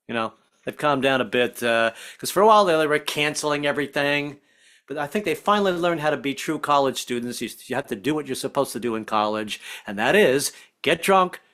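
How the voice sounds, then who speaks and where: Here a Southern American stand-up comic performs in a fairly high, somewhat bright voice. He keeps breaking off, stammering, and starting again, frequently adopting put-on voices as he goes.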